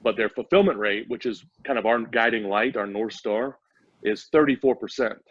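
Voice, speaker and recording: A man's voice: medium pitch, normal speed, fairly bright tone, no room sound. Man, startup CEO guest, eager, long explanations, lo-fi audio, dry. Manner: eager, explains at length with many restarts. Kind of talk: casual interview talk.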